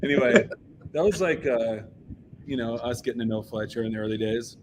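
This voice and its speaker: A man from the United States, a punk band member, telling a story in a casual interview, animated and full of fillers. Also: mid-range voice, a little fast, slight background noise. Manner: animated, acts out quoted voices, filler-heavy.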